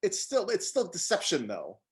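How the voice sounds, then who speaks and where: A man's voice: high-pitched, wildly swooping pitch, normal speed. A man co-hosting a casual podcast chat, arguing his point bluntly and swearing. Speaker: podcast co-host.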